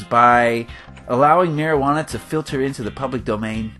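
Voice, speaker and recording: A man's voice: medium pitch, lively intonation, moderate pace, a bit bright. A man from California giving casual, rambling commentary on his game build, laughing often. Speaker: gaming video host. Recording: faint guitar music behind.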